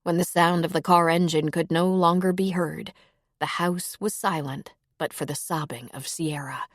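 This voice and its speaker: A woman narrating an audiobook in a measured, even way. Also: on the low side, no echo, clean studio sound.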